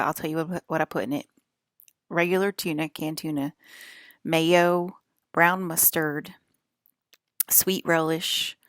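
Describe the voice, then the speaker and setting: A woman talking casually to her viewers in a loose, rambling monologue, with a drawl and pauses to cough. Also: low-pitched, no echo, studio quality. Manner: rambling, drawling, uses y'all and fixing to. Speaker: vlogger.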